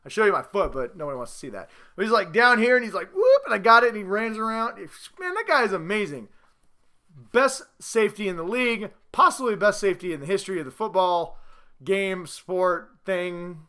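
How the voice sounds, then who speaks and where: A man hosting a casual sports vlog at home, boastful, excitable and rambling as he talks to the camera. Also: sits high, brisk. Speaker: host.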